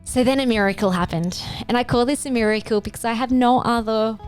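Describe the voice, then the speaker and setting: A woman's voice: brisk, smooth, faint music behind. Earnest woman telling a health story. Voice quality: earnest, emotional. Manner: expressive, rising into pitch when moved. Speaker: functional medicine podcast host. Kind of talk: personal health story monologue.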